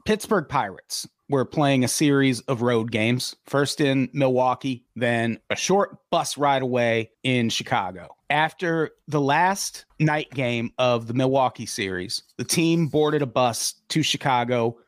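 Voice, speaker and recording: A man hosting a comedy podcast, telling stories in an animated way and swearing freely. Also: a little slow, hardly any pauses, no echo, studio quality. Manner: animated, profane storytelling with big pitch swings. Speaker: podcast host.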